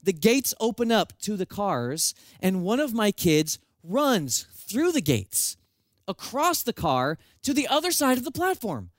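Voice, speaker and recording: Male preacher, pretty high voice, swoops up and down telling stories, dry sound. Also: measured pace, no echo. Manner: animated storytelling, self-mocking humor. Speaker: pastor. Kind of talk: sermon.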